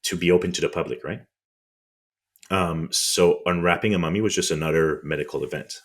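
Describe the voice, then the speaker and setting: On a podcast, a co-host with a French accent and an extremely low, rumbling voice explains history loosely and casually. His tone stays steady, and he pauses on ums and restarts hard words.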